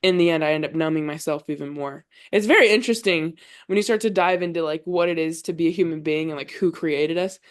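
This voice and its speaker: A woman's voice: deep voice, fast, few pauses. A young adult woman, a podcast guest, talking earnestly about her faith in casual conversation and often saying "like.". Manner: earnest, heavy use of "like". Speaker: podcast guest, college volleyball player.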